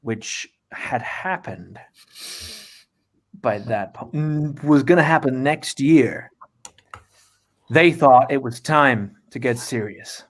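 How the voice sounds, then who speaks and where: A man narrating an improvised comedy story in a mock-grand, deliberate way. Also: mid-range voice.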